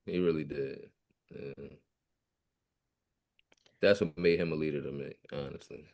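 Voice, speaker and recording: A father answering a podcast interviewer in a casual, halting way, often repeating words as he reflects on his son. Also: a bass voice, steady tone, gravelly, a little mellow.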